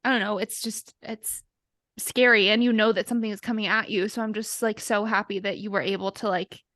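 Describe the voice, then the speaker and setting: A woman's voice: medium pitch, fairly even intonation, brisk, a bit bright, no echo, studio quality. A woman co-hosting a podcast, talking casually and sympathetically, rambling with many filler words.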